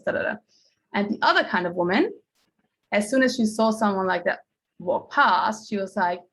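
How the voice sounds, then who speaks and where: A woman's voice: medium pitch, a little slow, long pauses, fairly bright tone, breathy edge, rough recording. Chatty woman mindset coach. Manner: chatty storytelling, acting out quotes. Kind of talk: casual coaching talk to a group.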